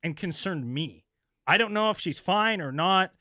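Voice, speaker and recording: A podcast co-host tells a story in a casual, animated way, swearing freely and putting on high voices for other people. His voice sits a bit high for a man. The sound is dry and close to the mic. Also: moderate pace, no echo.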